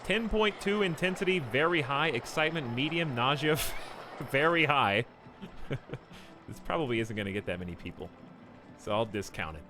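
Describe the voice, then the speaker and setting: A man casually chatting through a live game stream at home, animated and chuckling often. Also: mid-range voice, moderate pace, noisy background.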